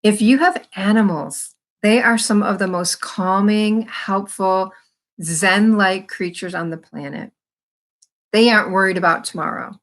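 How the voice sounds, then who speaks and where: A woman's voice: mid-range voice, a little slow, a bit bright. A woman talking to camera as a wellness coach, friendly and encouraging, speaking straight to her viewers. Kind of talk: casual talk to camera.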